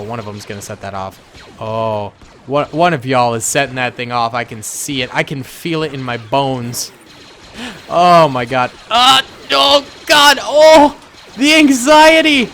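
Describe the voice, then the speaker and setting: A man giving casual, excitable commentary on a battle simulation game, gleeful with frequent exclamations. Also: a little high, slight background noise. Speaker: gameplay commentator.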